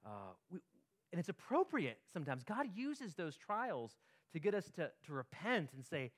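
A man's voice: a little high, very animated, normal speed. A pastor giving a sermon in a conversational way, often checking in with his listeners and repeating words as he goes. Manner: conversational preaching, frequent tag questions and repeated words.

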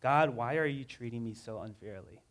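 This preacher has a mid-range, slightly bright voice and keeps a moderate pace. His sermon feels casual and conversational, and he reads scripture with earnest drama and building emotion.

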